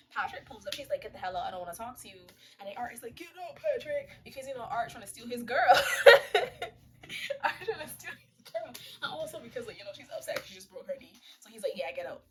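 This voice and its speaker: A young woman, casually recapping a movie, quoting the characters in quick voices and laughing often. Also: on the high side, a little mellow. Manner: chatty, retells scenes in quick quoted voices, laughs often.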